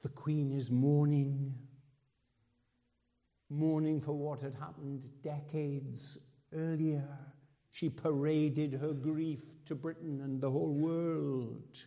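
A man preaching a sermon with emphatic rises and dramatic pauses, acting out quotes. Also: on the high side, fairly even intonation, creaky, dark tone. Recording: reverberant hall.

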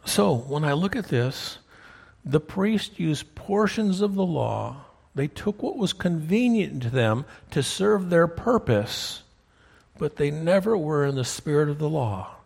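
A man's voice: on the high side, sing-song, unhurried, creaky, darkish tone, husky. A man preaching a sermon in a church, telling a story and often checking in with listeners. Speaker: pastor. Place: church sanctuary. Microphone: wears a clip-on mic.

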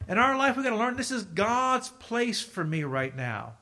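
A high-voiced man preaching from the pulpit. He reads scripture aloud in old-fashioned wording and swings between loud, emphatic rises and quiet, hushed asides. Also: very animated, moderate pace. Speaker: pastor. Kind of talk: sermon.

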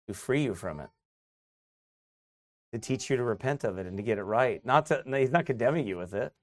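A man's voice: medium pitch, no room sound. A middle-aged man preaching a sermon as a pastor, chatty and joking, then building to emphatic exhortation. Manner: conversational preaching, rising to emphatic exhortation, laughs often.

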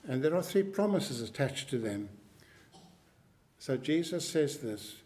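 A man preaching a sermon, slow and emphatic, repeating key phrases and clearing his throat now and then. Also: mid-range voice, animated, darkish tone.

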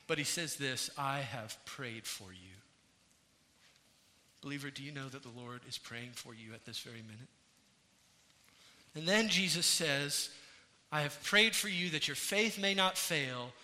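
Speaking with a fairly high, sharp-toned voice, this pastor delivers an animated but measured sermon to his congregation. He is earnest, his intensity swelling and ebbing, and long reverb fills the church hall.

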